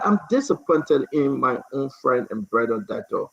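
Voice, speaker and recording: A man's voice: medium pitch, big pitch swings, moderate pace, vocal fry, roomy sound, lo-fi sound, background noise. A man hosting a heated political talk stream, emphatic, often repeating words as he starts. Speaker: talk show host.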